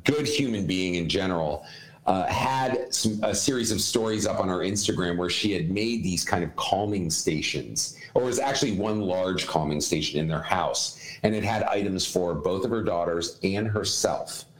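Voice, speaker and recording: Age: adult. Sex: man. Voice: lowish, earnest and explanatory, repeats himself for emphasis. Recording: roomy, echoey room. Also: normal speed. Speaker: podcast co-host, educator. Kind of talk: casual chat giving parenting advice.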